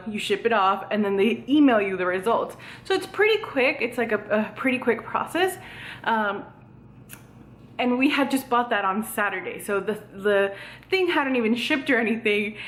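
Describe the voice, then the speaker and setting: A woman's voice: medium pitch, fairly bright tone. A young woman, out of breath, chatting in a bubbly, rambling vlog with lots of "like" and "um", filmed on a tripod camera at home. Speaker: vlogger. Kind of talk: casual vlog chat. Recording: echoey room.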